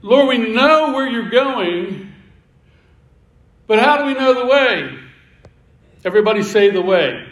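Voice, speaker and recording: A man's voice: very high voice, sing-song, unhurried, pauses often, a bit bright. A man preaching a sermon as pastor, in a conversational way with repetitions and asides. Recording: echoey room, voice from a distance.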